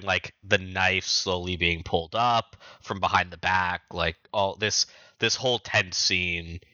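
A man's voice: low voice, sharp tone, no room sound, lo-fi sound. A man co-hosting a podcast, casually retelling story events and acting out the characters' lines. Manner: quick retelling with acted-out quotes. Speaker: podcast co-host. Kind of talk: casual recap chat.

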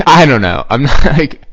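A man's voice: on the high side, big pitch swings, slow pace, fairly bright tone. A young man telling a rambling story in casual podcast chat, full of filler words and swearing. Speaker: podcast co-host. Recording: dull lo-fi podcast audio.

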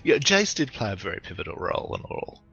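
A man playing a tabletop game, talking haltingly with many fillers. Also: medium pitch, sing-song, bright, forceful tone, slightly rough, soft background music. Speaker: player. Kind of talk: casual tabletop play. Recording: dull lo-fi recording.

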